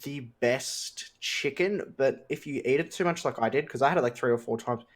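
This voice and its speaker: A young man, telling animated stories and swearing often on a casual podcast. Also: medium pitch, moderate pace. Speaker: podcast host. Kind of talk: casual chat.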